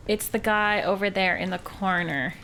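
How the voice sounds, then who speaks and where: A woman's voice: mid-range voice, steady tone, moderate pace, pushed and bright, slight background noise. A woman from Canada, a live streamer, thinking aloud and chatting as she plays a mystery game.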